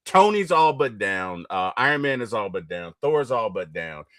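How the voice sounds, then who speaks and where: A middle-aged man hosting a casual interview, retelling movie scenes with a lot of excitement. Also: on the low side, normal speed, no room sound. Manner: animated, storytelling, gets excited and loud retelling movie scenes. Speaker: interview host.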